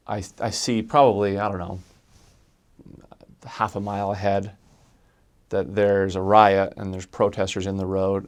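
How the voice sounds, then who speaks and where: A man telling a personal story from his missionary days, lively and halting, with frequent restarts. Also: deep voice, vocal fry.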